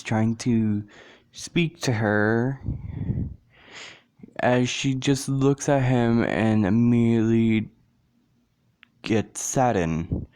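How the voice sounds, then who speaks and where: A man's voice: mid-range voice, a little mellow. A man casually narrating a fan story, rambling and correcting himself as he goes.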